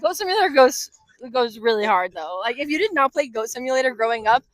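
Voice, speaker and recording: Brief: young female co-host, slightly high voice, playful, dry close mic. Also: animated, no echo. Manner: playful, eager, quick to laugh. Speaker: podcast co-host. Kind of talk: casual chat.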